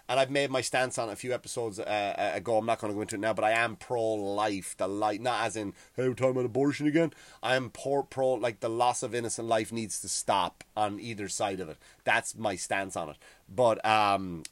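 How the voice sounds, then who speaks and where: A middle-aged man with an Irish accent, hosting a profane, heated ranting monologue that grows loud and high when he gets worked up. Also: no room sound. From Ireland. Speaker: podcast host.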